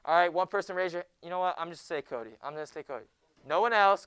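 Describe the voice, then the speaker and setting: A young man teaching a junior high Bible class in a classroom, joking with the students and often hushing them. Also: fast, clean tone, no room sound. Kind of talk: classroom lecture.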